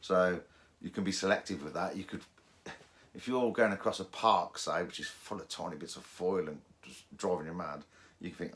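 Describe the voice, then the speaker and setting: A man's voice: sits low, fairly quick, a bit bright. A man casually explaining how to set up a metal detector, chatty and down to earth. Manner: chatty, restarts and fillers, mimics detector tones.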